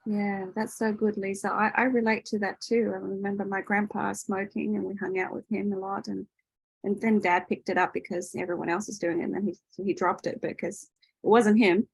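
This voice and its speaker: A woman hosts an online workshop from a video call and talks loosely and chattily, full of "um"s and "okay?"s. Her voice is a touch husky. The sound is dry and close. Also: mid-range voice, little pitch movement, fairly quick, dry recording, rough recording. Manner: chatty, loose, with many fillers and tag questions. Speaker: workshop host. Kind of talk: casual teaching in an online workshop.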